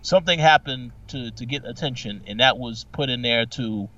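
A man co-hosting a podcast, chatting casually with many halting restarts. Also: mid-range voice, sharp tone, distant mic. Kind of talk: casual recap chat. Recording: dull, dry, off-mic.

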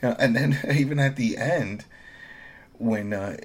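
A man chatting casually as a podcast co-host, animated and acting out quotes while reviewing a TV episode. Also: mid-range voice, a little slow, slightly rough. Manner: animated, acts out quotes in voices. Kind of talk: casual chat.

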